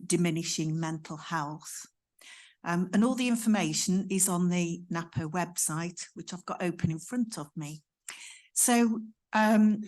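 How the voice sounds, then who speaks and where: A woman's voice: fairly low pitch, a little mellow. A woman union health and safety rep giving a conference presentation, methodically reading out figures and guidance step by step.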